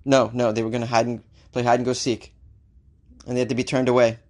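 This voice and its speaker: Reading offbeat news stories for a comedic segment, a male host peppers them with animated jokes on the side. His voice is medium-pitched, and he's a fast talker.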